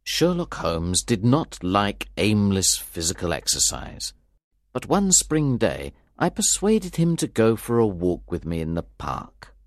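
A man reads a story as an audiobook narrator, clear and expressive. His voice is low and swings in lively pitch. The recording is close and dry. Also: measured pace, dry recording.

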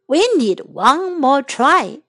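A woman voicing a patient male frog in a bilingual children's storybook reading, calmly coaxing his friend to try again. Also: high voice, takes it slowly, exaggerated voice. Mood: encouraging. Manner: calm, coaxing.

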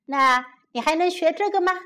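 A woman's voice: very high voice, a little fast, fairly bright tone, voice pushed up. A woman voicing an exasperated schoolboy who is fed up with his little sister copying him, in a children's storybook. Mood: teasing. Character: schoolboy, annoyed older brother.

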